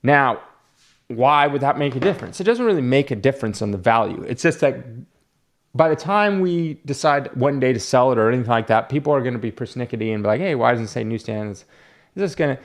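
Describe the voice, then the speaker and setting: A comic book shop owner talks a little fast with a medium-pitched voice and lively intonation. In a casual unboxing chat he rambles, talking himself through each graded book.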